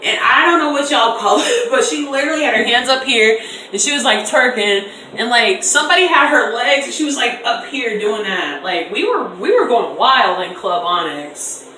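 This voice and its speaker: A young woman in her twenties telling a storytime on camera in an animated, slangy way, acting out voices in quotes. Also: on the high side, moderate pace, slight background noise. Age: 20s. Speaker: vlogger. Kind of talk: casual storytime. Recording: echoey room, distant mic.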